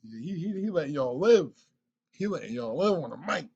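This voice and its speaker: A man hosting a reaction video, talking excitedly, stammering and repeating himself. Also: fairly high pitch, moderate pace, muffled recording. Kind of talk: casual reaction commentary.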